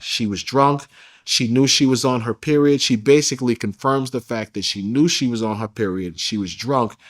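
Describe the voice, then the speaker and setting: Male interview guest with a mid-range voice who tells his story casually, with emphatic slang. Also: medium pitch. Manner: emphatic, slangy, addresses listener as bro.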